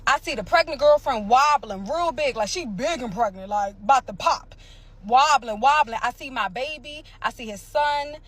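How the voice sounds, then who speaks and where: A woman from Pennsylvania telling her own story in a casual vlog, emphatic and animated, repeating phrases and acting out sounds. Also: high voice, normal speed. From Pennsylvania, USA.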